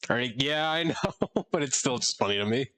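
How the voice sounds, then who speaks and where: A young man running a tabletop game as dungeon master, chatty and halting, with frequent fillers and laughs. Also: mid-range voice, lively intonation, sharp tone.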